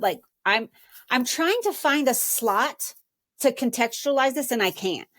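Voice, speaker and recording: Earnest higher-voiced woman, dry sound. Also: lively intonation, unhurried, fairly bright tone, no room sound. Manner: earnest, emotional, acts out her own past thoughts. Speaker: podcast guest, author. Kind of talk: conversational interview storytelling.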